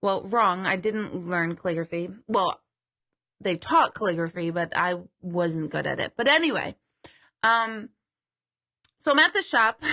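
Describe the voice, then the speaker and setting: A woman with a medium-pitched, pushed, bright voice hosts a live stream as a psychic medium. She's chatty and self-deprecating, swearing now and then.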